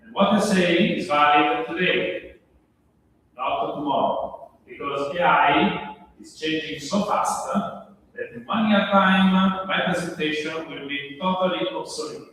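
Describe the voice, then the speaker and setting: A man from Italy with an Italian accent giving a conference talk, self-deprecating, with halting non-native phrasing. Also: on the high side, fairly bright tone, slight background noise. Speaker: conference speaker. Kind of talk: conference presentation. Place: large conference hall. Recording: echoey hall from far off.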